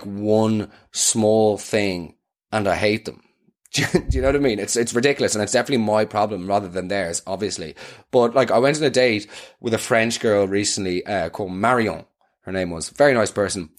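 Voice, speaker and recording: A young man hosting a podcast, telling comic stories in a rambling, self-mocking way and laughing through them. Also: fairly low pitch. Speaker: podcast host. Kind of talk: comedic storytelling.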